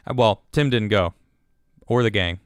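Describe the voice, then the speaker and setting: A man's voice: on the low side, moderate pace, smooth, dry recording. A man hosting a livestream and giving heated political commentary. He stammers, restarts and repeats his words. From United States. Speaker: show host.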